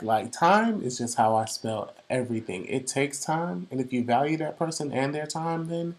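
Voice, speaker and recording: Teasing man from the Caribbean, expressive pitch. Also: moderate pace, few pauses, slight background noise. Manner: teasing, calm, reflective. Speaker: podcast co-host. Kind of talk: casual chat.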